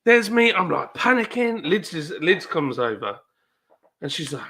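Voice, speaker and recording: An excitable man with a British accent hosts a casual live stream, exclaiming and laughing as he chats. His voice sits a little high and sounds bright and forceful. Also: unhurried, husky. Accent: British English.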